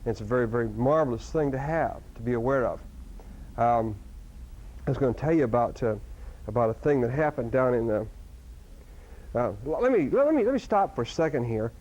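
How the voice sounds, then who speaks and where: Animated male seminar speaker, dull lo-fi sound. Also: medium pitch, a little fast, pauses often. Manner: animated, with sudden loud outbursts and many restarts. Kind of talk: live seminar talk to an audience. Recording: dull lo-fi recording.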